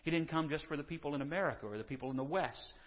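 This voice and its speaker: Husky-voiced male pastor preaching. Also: fairly high pitch, very fast. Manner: conversational and earnest, with restarts and asides. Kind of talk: sermon with scripture reading. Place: church sanctuary. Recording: dull lo-fi sound with long hall reverb.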